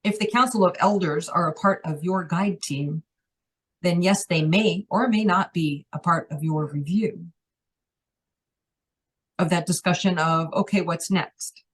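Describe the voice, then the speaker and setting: A woman in a trance-channeling session, speaking for a collective as "we" with a playful, teasing, unhurried delivery. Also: lowish voice, husky. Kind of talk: channeled spiritual message.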